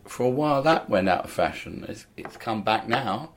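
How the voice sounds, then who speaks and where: Older male comedian guest, lowish voice, rambling and anecdotal. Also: animated, normal speed, slight background noise. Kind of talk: casual interview chat.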